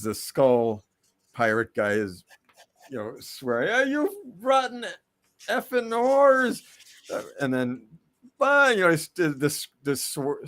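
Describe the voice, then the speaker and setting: A man, a guest cartoonist, chatting casually on a live stream and pitching a comic idea with wry teasing.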